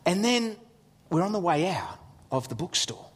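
A middle-aged man, a pastor telling funny stories in a sermon, animated and excitable with jokey asides. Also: high voice, moderate pace, long reverb tail, a little hiss or hum. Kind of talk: humorous storytelling sermon.

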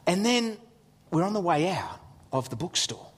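A middle-aged man, preaching a sermon as an animated storyteller who acts out his son's lines. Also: high-pitched, normal speed, slight background noise. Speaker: pastor. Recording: long hall reverb.

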